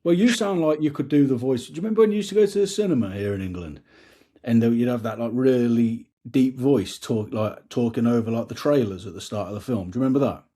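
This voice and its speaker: Male interviewer, husky voice, chatty and encouraging. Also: medium pitch, fast talker, dark tone. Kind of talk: casual interview chat.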